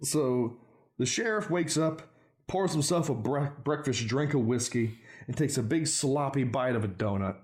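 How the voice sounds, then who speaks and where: A man's voice: medium pitch, normal speed, a little mellow. A young man casually recapping a bad movie with sarcastic, swearing commentary. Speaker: podcast host recapping a movie. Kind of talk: casual chat.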